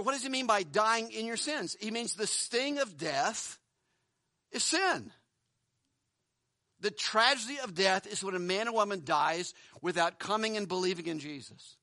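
A man's voice: high voice, lively intonation, moderate pace, pushed and bright, no room sound. Male pastor, earnest sermon delivery, repeats words, close and dry sound. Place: church building.

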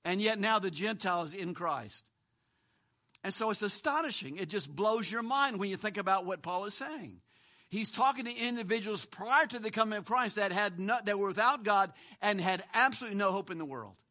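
A man's voice: high voice, brisk, bright, forceful tone. A male pastor preaching a sermon, emphatic and full of rhetorical questions, often repeating a word for stress.

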